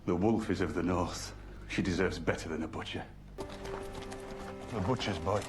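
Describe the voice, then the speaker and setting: An actor playing a stern lord who speaks in a solemn, measured way. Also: male voice, sits low, over music, lightly acted. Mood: grave. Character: grave, stern northern lord. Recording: film clip with score behind.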